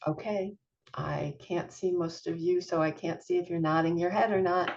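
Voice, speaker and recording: A woman's voice: on the low side, steady tone, moderate pace, darkish tone, dull audio. A middle-aged woman, a parent coach, giving an online masterclass in an earnest, encouraging, chatty way with small laughs.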